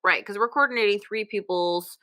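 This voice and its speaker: A woman's voice: mid-range voice, fairly quick, pushed and bright, no room sound. A woman hosting a podcast in casual chat, talking in a chatty, digressive way full of asides, recorded on a computer mic. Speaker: podcast host. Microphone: computer microphone.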